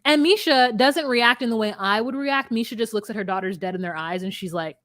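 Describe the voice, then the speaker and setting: Woman co-host, blunt and profane, animated recap chat, dry close sound. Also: a little high, fairly quick, no echo. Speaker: podcast co-host.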